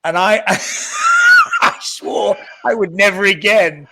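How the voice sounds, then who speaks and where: A man's voice: high-pitched, wildly swooping pitch, slow, bright, forceful tone, shouting, slight background noise, rough recording. A man with a Scouse accent tinged with north Welsh, telling self-deprecating stories as a guest actor, with many stammered restarts. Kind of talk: anecdotal chat.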